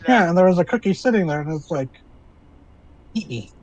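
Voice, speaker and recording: Male game master, rambly, a bit high, loose casual narration. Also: lively intonation, very fast, darkish tone, lo-fi sound, slight background noise. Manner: rambling, many fillers.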